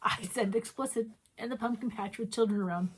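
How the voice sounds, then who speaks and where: A woman's voice: fairly high pitch, brisk, noisy background. A middle-aged woman from Wyoming co-hosting a casual stitching chat show, telling stories between bursts of giggles. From Wyoming, USA. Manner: giggly, animated storyteller. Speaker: co-host.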